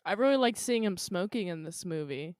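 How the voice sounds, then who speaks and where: A woman's voice: fairly low pitch, brisk, smooth, dry recording, studio quality. A woman guest on a film podcast, talking casually and animatedly, acting out lines from scenes. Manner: animated, acts out characters' lines in quotes.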